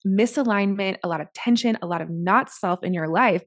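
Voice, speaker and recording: A woman's voice: medium pitch, a little fast, dry recording, clean studio sound. A woman co-hosting a podcast, explaining things in an earnest, thorough way. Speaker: podcast co-host. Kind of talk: casual podcast chat.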